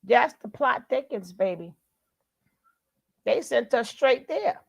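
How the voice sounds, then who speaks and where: Woman, reaction commentator, slow drawl, gravelly fry, a bit high. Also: animated. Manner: drawling, exclaiming to the viewers.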